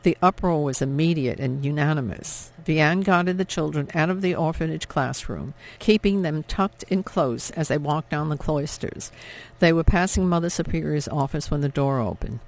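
A male audiobook narrator with a gravelly, creaky texture and a voice pitched a little above the usual male range. He reads the novel in a steady, measured, dramatic way, shaping each sentence with care. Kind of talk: scripted narration.

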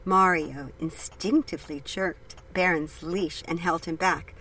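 Lower-pitched woman narrating an audiobook. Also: slight background noise, rough recording. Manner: measured, steady. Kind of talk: scripted narration.

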